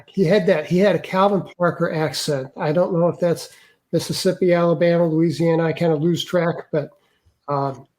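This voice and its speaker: An older man, an interview guest, earnestly recounting a personal experience in a halting way with many restarts. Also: on the high side, darkish tone. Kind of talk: personal storytelling.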